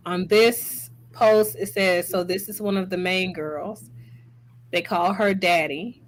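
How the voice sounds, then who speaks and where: Woman, host, clinician, lowish voice, deliberate, drawn-out emphasis, commentary. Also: fairly even intonation, slight background noise. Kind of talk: commentary on social media clips.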